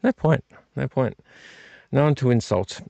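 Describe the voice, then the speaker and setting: Male vlog host, casual and goofy, repeats lines for fun; gravelly, dry close mic. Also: mid-range voice, expressive, unhurried, dark tone, dry recording. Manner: playful, repeats phrases, silly wordplay. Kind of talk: casual rambling chat to camera. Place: home room with fire on a TV and a heater. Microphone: desk microphone.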